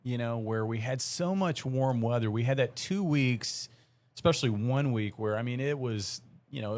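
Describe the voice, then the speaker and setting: A man, a meteorologist on a live weather broadcast, explaining the seasonal outlook in a rambling way with many fillers. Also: mid-range voice.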